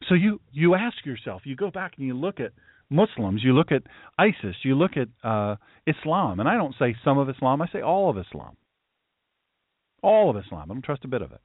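Male pastor-host, animated delivery, emphatic ranting monologue, tinny phone-like sound. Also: mid-range voice, fairly quick, breathy edge, no echo. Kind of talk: political talk show monologue. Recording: tinny phone-like line, dry.

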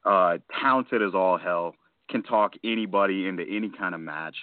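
Low-voiced man thinking aloud on a phone line. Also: moderate pace, dry recording. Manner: deliberating aloud, enthusiastic. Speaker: podcast co-host. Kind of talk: casual chat. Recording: tinny phone line, dry.

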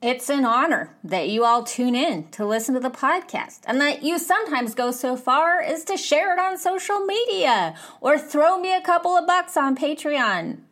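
Gushing woman podcast host, bit of a higher voice, chatty and excited. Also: normal speed, hardly any pauses. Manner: effusive, enthusiastic. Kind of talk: casual podcast interview.

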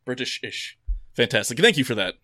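A man's voice: medium pitch, sing-song, brisk, a crowd in the background. A man hosting a casual comedy podcast, with dry, mock-grand introductions and jokey banter. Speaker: podcast host.

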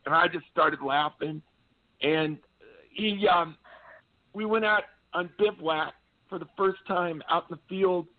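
A man, an army veteran and radio guest, telling earnest, meandering stories in a casual way. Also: a little high. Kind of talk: casual phone-in storytelling. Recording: tinny phone line.

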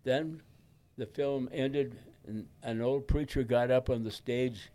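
Halting old man from Detroit, emotional storyteller. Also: mid-range voice, fairly even intonation, mellow. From Detroit, USA. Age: 90s. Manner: halting, emotional and folksy, with repeated restarts. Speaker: guest, veteran and pastor. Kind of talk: personal storytelling in an interview.

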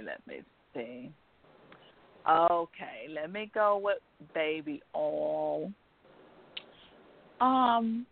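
Woman, Georgia Southern accent, guest author, lively pitch, unhurried, tinny phone-like audio. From Georgia, USA. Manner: animated, laughs often, drawn-out speech. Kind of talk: casual chat on a video call show.

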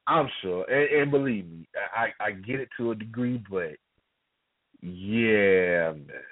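Man co-host, blunt, profane rant, mid-pitched, dry tinny phone sound. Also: takes it slowly, dry recording. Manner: blunt, profane, repeats words when starting. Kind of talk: casual radio chat. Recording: dry phone-line audio.

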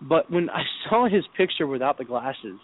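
Brief: foul-mouthed male radio host, raised pitch, thin phone-line audio. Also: animated, moderate pace. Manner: profane, storytelling, laughs often. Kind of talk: casual crude chat on internet radio. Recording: tinny call-in audio.

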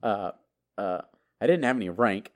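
A man's voice: on the low side, lively intonation, normal speed. A middle-aged man, a podcast host telling a long personal story in a casual, rambling way, full of filler words and restarts. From Texas.

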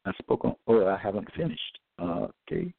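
Slow, gravelly man on a phone line. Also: lowish voice, big pitch swings, dry recording. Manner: halting, with many fillers and restarts; emphatic, drawn-out scripture quoting. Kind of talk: religious teaching talk. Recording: tinny phone-line audio, dry.

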